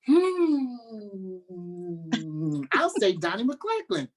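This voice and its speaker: Gospel singer guy telling stories on a radio interview, animated, jumps into voices. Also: extremely slow, a crowd in the background. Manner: animated storyteller, acts out quotes in a high voice. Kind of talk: casual interview talk.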